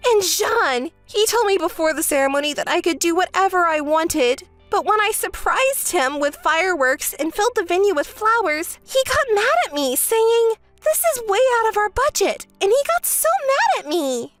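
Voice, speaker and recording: A woman's voice: extremely high pitch, animated, normal speed, hardly any pauses, a bit bright, dry recording, soft background music, voice pushed up. A woman voicing a whiny younger woman who begs and complains in a dramatized texting story. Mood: complaining. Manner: desperate and begging.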